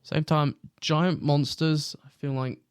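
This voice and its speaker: A man playing a tabletop game in character, speaking in a formal, measured way. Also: on the high side, level tone, clean tone. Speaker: player.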